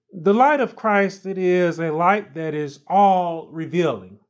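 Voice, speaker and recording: A man preaching a sermon, emphatic and repetitive, building stress on key phrases. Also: sits high. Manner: slow, emphatic, repeats phrases with rising stress.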